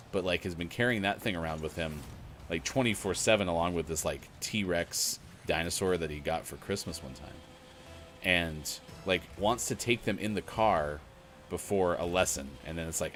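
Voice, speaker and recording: A man's voice: low voice, normal speed, a bit bright, a little hiss or hum. A middle-aged man co-hosting a morning gaming show, rambling casually with lots of fillers and chuckles. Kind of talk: casual chat while gaming.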